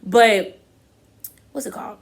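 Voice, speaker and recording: A woman's voice: on the high side, takes it slowly, vocal fry. A woman, giving an opinionated, chatty recap of a reality show and acting out quotes from the cast. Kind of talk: casual recap commentary.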